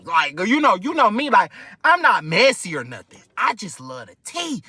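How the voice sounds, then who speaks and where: A man telling a storytime vlog in an animated, gossipy way and swearing freely. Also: high-pitched, a little fast, breathy edge, dry recording. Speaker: vlog host.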